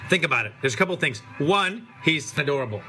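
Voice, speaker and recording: A man in casual podcast banter, telling jokes and stories in an animated way. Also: fairly high pitch, quick pace, soft background music. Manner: animated, joking storyteller.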